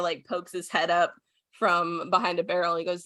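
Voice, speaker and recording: A woman's voice: fairly low pitch, little pitch movement, normal speed, a bit bright, dry recording. A woman narrating as game master of a tabletop game, giggly and rambling, with many fillers.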